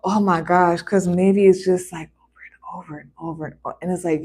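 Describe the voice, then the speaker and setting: A woman giving a casual tarot card reading, chatty and animated, breaking into exclamations and playful voices. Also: lowish voice, brisk, slightly rough.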